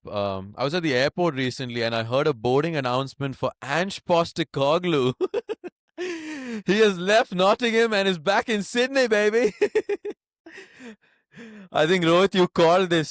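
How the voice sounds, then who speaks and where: A man co-hosting a relaxed football podcast, with a smooth, resonant voice recorded close and dry. He talks in a measured, analytical way and laughs easily. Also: fairly high pitch, no room sound. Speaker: podcast co-host. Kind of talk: casual football chat.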